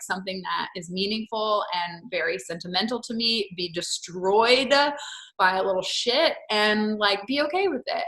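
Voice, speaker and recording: A woman hosting a podcast, talking in an open, rambling way. She fills her stories with "like" and drops the odd swear word. Her voice is bright and carries an echo from the room. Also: mid-range voice. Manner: candid storytelling with swearing and filler "like". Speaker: podcast host. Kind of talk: casual chat.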